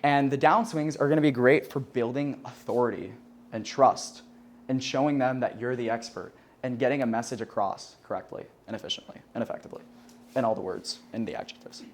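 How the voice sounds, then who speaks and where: A man's voice: mid-range voice, brisk, a little hiss or hum. Chatty young man teaching a class. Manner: loose and chatty, heavy on "like" and "right?"; swears casually and laughs at his own jokes. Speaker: sales trainer teaching a class. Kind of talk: casual classroom lecture. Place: classroom with a live audience.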